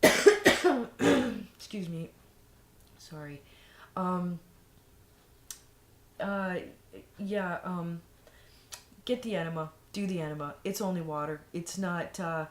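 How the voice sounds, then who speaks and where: A woman vlogger giving frank, rambling advice in a casual monologue, full of fillers and restarts. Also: on the low side. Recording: echoey room, faint noise.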